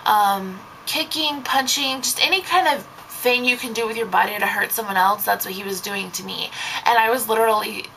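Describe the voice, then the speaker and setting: A woman's voice: medium pitch, normal speed, creaky, sharp tone, a little hiss or hum, low-quality recording. A young woman, a babysitter, telling a story in a casual vlog, rambling and saying "like" constantly. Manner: rambling, heavy use of "like".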